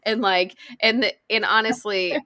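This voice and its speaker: A woman co-hosting a casual podcast chat, who laughs often in quick, high giggles. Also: fairly even intonation, bright, forceful tone. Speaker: podcast co-host.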